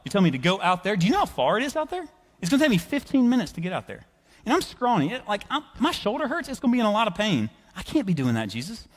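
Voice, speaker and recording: A man's voice: a little high, big pitch swings, quick pace, husky. A man voicing an anxious male fisherman who makes excuses, whiny and exaggerated. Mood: complaining. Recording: reverberant church hall.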